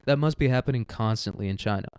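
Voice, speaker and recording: A man's voice: mid-range voice, quick pace, darkish tone, clear, resonant tone, dry recording. A man from the United States hosting a podcast, rambling in a casual comedic monologue, swearing constantly and laughing often. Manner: profane, laughing often, slangy. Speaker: podcast host.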